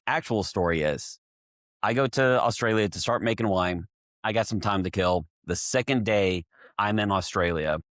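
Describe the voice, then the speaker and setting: A man from Texas, a winemaker guest on a podcast, telling a story in steady detail. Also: lowish voice, no echo, clean studio sound. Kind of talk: casual chat.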